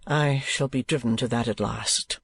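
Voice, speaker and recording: A man voicing an earnest, gentle young schoolteacher who speaks in a calm, sorrowful, soothing way. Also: medium pitch, normal speed, creaky, slightly rough, no room sound.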